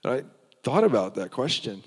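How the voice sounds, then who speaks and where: A man's voice: mid-range voice, sing-song, normal speed, husky, in a large hall. A man preaching, telling his personal testimony in an earnest storytelling way.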